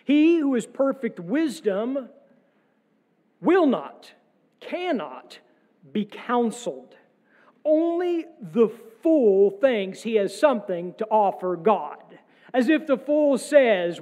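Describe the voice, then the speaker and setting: A male pastor preaching a sermon in a church, posing measured rhetorical questions with wry asides. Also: very high-pitched, big pitch swings, warm tone. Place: church sanctuary. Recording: long church reverb.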